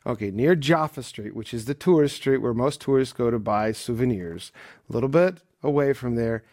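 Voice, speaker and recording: Guy chiming in with playful little asides, mid pitch voice. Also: moderate pace, darkish tone. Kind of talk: casual chat.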